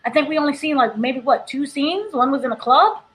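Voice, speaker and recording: A woman's voice: high voice, lively intonation, a little fast, fairly bright tone, low-quality recording. A woman co-hosting a casual TV recap chat, giving blunt, opinionated takes. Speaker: podcast co-host.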